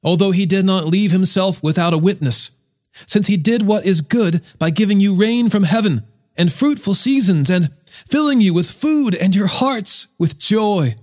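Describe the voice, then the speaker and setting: Casting: a man playing an urgent apostle calling out to a crowd, raised and declaiming, in a higher voice than his own. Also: animated, moderate pace, a little mellow. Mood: urgent pleading.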